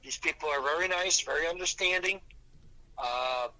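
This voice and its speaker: A man's voice: on the high side, normal speed, bright, forceful tone, low-quality recording. A man on a call, explaining at length in a rambling way. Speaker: family caregiver. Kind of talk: phone conversation.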